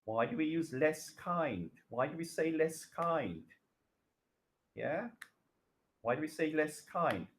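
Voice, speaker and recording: Slow, patient male English teacher. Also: medium pitch. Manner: slow and patient, repeats phrases and asks rhetorical questions. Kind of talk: recorded grammar lesson.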